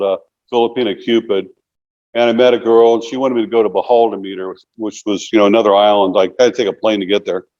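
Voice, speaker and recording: A man's voice: on the low side, a little mellow, lo-fi sound. A man in his sixties, an interview guest telling long casual stories, rambling and filling them with "you know". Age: 60s.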